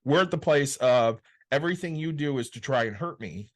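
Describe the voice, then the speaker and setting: A man's voice: medium pitch, lively intonation, a little fast. A man co-hosting a podcast in casual chat, blunt and exasperated, swearing often. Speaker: podcast co-host.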